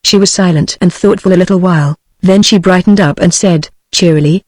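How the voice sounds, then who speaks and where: A text-to-speech voice narrating a classic novel in an even, unhurried synthetic reading. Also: medium pitch, no room sound. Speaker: audiobook narrator.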